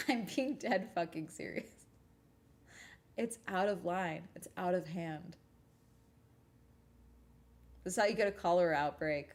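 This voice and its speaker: A young woman chats on a livestream from home with a somewhat low voice. She talks bluntly and casually, swears freely and laughs easily. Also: unhurried, pauses often. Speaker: streamer.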